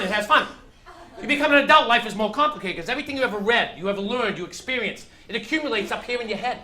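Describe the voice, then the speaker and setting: A male stand-up comedian with a strikingly high voice tells stories and acts out fretful inner voices. He is recorded live in a roomy, echoing club. A crowd laughs loudly throughout. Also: quick pace. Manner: animated storytelling, acting out anxious inner voices. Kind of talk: stand-up routine. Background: audience laughing.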